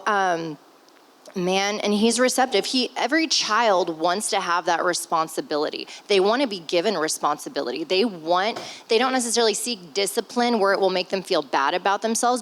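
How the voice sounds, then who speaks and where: A woman in her thirties talks openly and with feeling, her voice near tears. She sighs, swears now and then, and speaks with a heartfelt warmth. Her pitch sits in a mid range. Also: poor audio. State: emotional, close to tears. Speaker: stepmother guest on a family podcast. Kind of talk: candid conversational talk.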